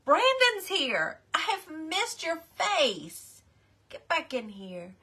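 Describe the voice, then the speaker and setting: A woman's voice: sits high, very animated, slow pace, bright, forceful tone. A middle-aged woman hosting a casual live craft stream, chatty and apologetic, greeting her viewers by name. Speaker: craft livestream host.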